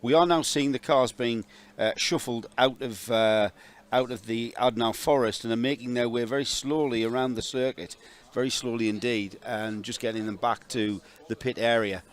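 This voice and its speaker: A man leading live race commentary, steady and explanatory as he describes the action. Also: medium pitch, moderate pace, few pauses.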